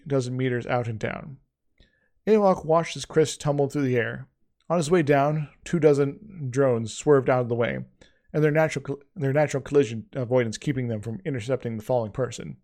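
A man's voice: mid-range voice, a little mellow. A man reading his own story aloud in a casual way, with frequent slips and restarts.

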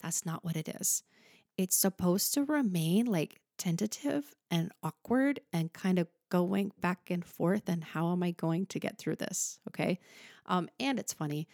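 Woman podcast host, casual and chatty, slightly low pitch, dry close-mic sound. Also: measured pace, vocal fry, a little mellow, no room sound. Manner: chatty, upbeat, many fillers and asides. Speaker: podcast host, musical theatre teacher. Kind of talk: casual solo podcast talk.

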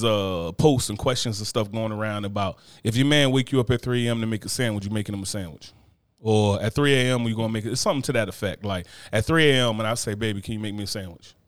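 Male co-host, loose animated chatter, swears freely, dead-dry sound. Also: fairly low pitch, dry recording. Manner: animated, profane, laughing asides. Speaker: podcast co-host. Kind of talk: casual banter.

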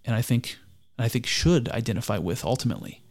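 Man, middle pitch, reflective commentary; earnest, musing, halting delivery. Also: a little mellow. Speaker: speaker discussing mysticism. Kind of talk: reflective spoken commentary on a text.

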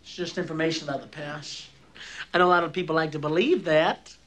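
A man's voice: a little high, steady tone, fast talker, natural voice. An actor playing a scornful man ranting at a classroom in a film scene. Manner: scornful, shouting. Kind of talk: film dialogue.

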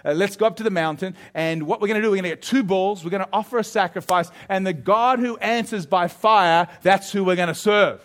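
A man's voice: high-pitched, fairly quick, few pauses, fairly bright tone. A man voicing a bold, cheeky male prophet who rallies and teases a crowd. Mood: rallying. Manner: teasing, rallying.

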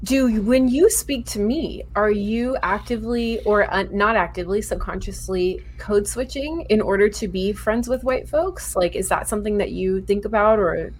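A woman's voice: medium pitch, moderate pace, few pauses, a little hiss or hum. A woman hosting a podcast, asking her guest questions in a curious, hesitant way. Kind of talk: casual podcast conversation.

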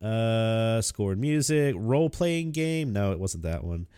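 A young man co-hosting a casual chat, self-deprecating and quick to laugh. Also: on the low side, expressive, dark tone, clean tone, dry recording, studio quality. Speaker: podcast co-host.

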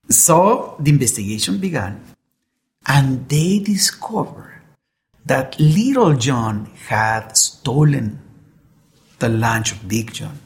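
A preacher delivering a sermon, weaving a story into the message. The voice is gravelly with a touch of fry, and the delivery is earnest, with frequent restarts as words are sought. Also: mid-range voice, sing-song, slow pace. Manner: earnest, repeats words while searching for them.

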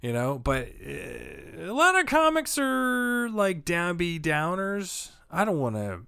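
A man's voice: sits high, wildly swooping pitch, slow, creaky, pushed and bright, clean tone, no echo, studio quality. A man, a comedian chatting loosely on a podcast, rambling and swearing often. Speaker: comedian guest. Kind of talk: casual podcast chat.

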